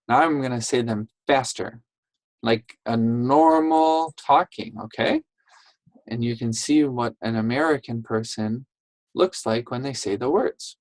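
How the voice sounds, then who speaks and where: A woman teaching a phonics lesson to young English learners, saying each word slowly and clearly and praising the children. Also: extremely low pitch, expressive, a little mellow, dry recording, poor audio. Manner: slow, clearly enunciated, encouraging classroom talk.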